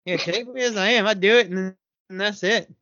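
A man with a bright, sharp voice who gives blunt answers in a casual podcast chat. The recording is dull and dry. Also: high voice, brisk, no room sound.

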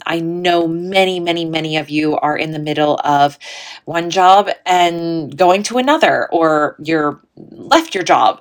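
A woman vlogger speaking in a slightly low voice, casual and heartfelt. She talks in an earnest, chatty way, often saying "like" and "um". Her tone stays encouraging and a little self-deprecating. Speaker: spiritual vlogger. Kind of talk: casual heartfelt talk to viewers.

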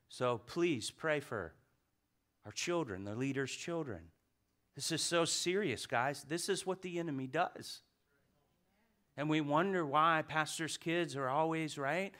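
Middle-aged male pastor, bright tone, sermon delivery with call-and-response questions, dynamic swings from loud to quiet. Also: a little high. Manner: preaching with questions to the congregation, swinging from loud to hushed.

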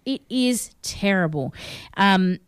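With a smooth, mid-range voice, she speaks slowly and expressively as an Australian co-host of a film review show. The sound is clean studio audio with no echo, and her delivery is chatty, opinionated, and heavy on fillers.

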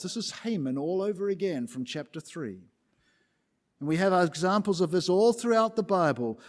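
Male preacher, high voice, emphatic sermon delivery, stacks repeated phrases. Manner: emphatic, builds rhetorical lists. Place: church building.

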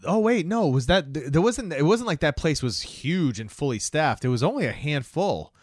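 Male podcast host, lively storyteller, dry close sound, mid-pitched voice. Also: normal speed, dry recording. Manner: animated storyteller who acts out scenes. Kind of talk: casual chat recapping a movie.

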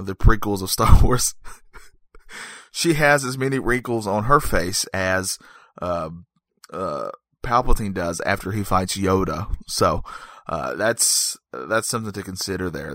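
A man's voice: sits low, fairly bright tone, dry recording. Joking rambling man, dry sound. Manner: joking, rambling, self-correcting asides. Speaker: movie reviewer. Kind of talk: casual comedic monologue.

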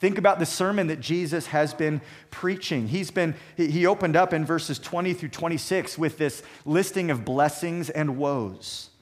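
A man preaching a sermon, emphatic and measured, building points through repeated phrases. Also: fairly high pitch. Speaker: pastor.

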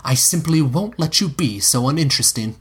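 A man's voice: mid-range voice, expressive, fairly quick, slightly rough. A man doing Egg, an impish boy squire. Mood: teasing. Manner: needling, teasing. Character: cheeky young boy squire, impish and pushy.

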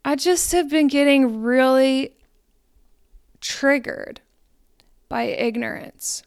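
Young woman podcaster, high voice, slow and rambly, swears a lot, smooth dry sound. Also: no room sound. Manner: frank, profane, rambling and self-questioning. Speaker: podcast host. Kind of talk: spiritual podcast monologue.

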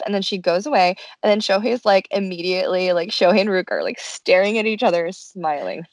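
A young woman co-hosting a casual chat, animatedly recapping a show and acting out quotes in high voices. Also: fairly quick, no echo. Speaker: podcast co-host.

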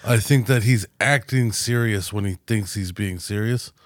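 A man's voice: fairly low pitch, normal speed, no room sound, studio quality. A man co-hosting a podcast in crude, joking banter, acting out the people he quotes. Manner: profane, jokey, acts out quoted people. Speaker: podcast co-host.

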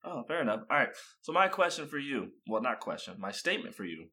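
A man's voice: medium pitch, big pitch swings, fast talker, pushed and bright. A young man co-hosting a podcast, chatting casually, laughing often and restarting his sentences. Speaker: podcast co-host.

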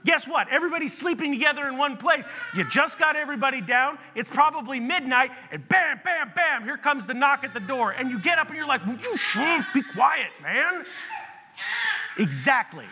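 A man preaching a sermon as pastor, telling stories in an animated way and often restarting his sentences. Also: very high-pitched, brisk, few pauses, noisy background. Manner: animated storytelling with repeated restarts. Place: church sanctuary. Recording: long reverb of a large hall.

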